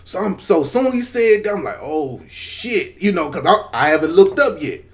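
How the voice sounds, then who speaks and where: Male vlogger, 40s, animated storyteller, profane, slightly high pitch. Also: a little fast. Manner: animated, profane, acts out quoted voices. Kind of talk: casual storytelling to camera.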